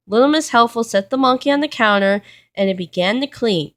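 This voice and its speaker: A woman's voice: fairly high pitch, a little fast, fairly bright tone. Woman reading a children's storybook aloud. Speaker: reader.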